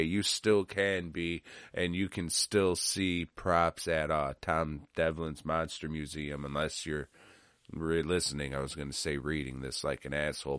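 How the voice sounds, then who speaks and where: Man, podcast host, very low voice, smooth, rambling, cursing, dry sound. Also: no echo. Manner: swearing, rambling, jokey. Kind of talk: casual outro monologue.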